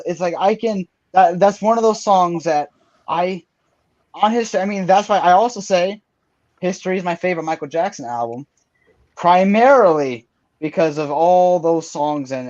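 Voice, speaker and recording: Excitable man, rambling and gushing, fairly high voice, muffled lo-fi sound, video call debate. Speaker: debate panelist. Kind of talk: casual online debate.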